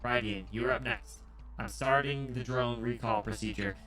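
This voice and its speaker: A man voicing a terse male tactical engineer, reading a game story aloud in a flat, clipped, mechanical delivery. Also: mid-range voice, normal speed, music in the background, natural voice, poor audio. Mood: clipped report.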